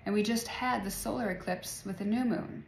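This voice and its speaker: A woman's voice: mid-range voice, moderate pace, vocal fry, slight background noise. A woman in her forties talking casually to her viewers about energy and healing, rambling and laughing often. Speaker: spiritual vlogger. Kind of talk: casual spiritual talk to viewers. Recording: echoey room, faint ambience.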